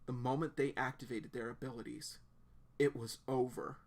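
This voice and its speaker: A man hosting a casual live reaction to a webcomic, excitable and rambling, full of filler words as he describes the panels. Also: medium pitch, moderate pace.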